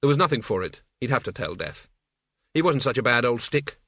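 A man reads a story aloud in an even, measured voice of middle pitch. His delivery is steady and controlled. The recording is dry and close. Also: breathy edge, dry recording. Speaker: audiobook narrator. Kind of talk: scripted narration.

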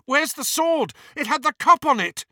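A man lifts his voice into a teenage boy wizard, raised and pressing, every line urgent. He sounds bright and tense, caught mid-peril in a read-aloud story. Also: high-pitched, sing-song, measured pace, no room sound, studio quality, voice pushed up, heavily acted. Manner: urgent, breathless pleading.

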